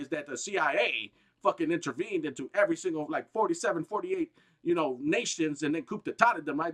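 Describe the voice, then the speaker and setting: A gaming streamer delivering a heated, rambling, profane rant, restarting sentences often and bursting out with emphasis. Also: male voice, high-pitched, fairly bright tone. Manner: agitated, emphatic outbursts.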